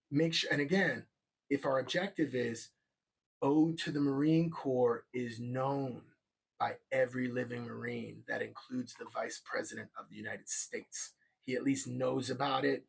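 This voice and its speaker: A man hosting a live show who rambles loosely, keeps checking in with the audience, and slips into an upbeat promotional pitch. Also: gravelly, slightly rough. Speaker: show host.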